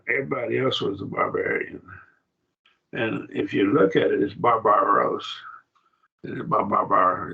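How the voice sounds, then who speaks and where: A man teaches a Bible study class, pausing and restarting as he reasons through Greek words. His voice is very gravelly and husky, sitting on the low side. The recording sounds dull and lo-fi. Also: fairly bright tone. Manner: halting, thinks aloud with restarts.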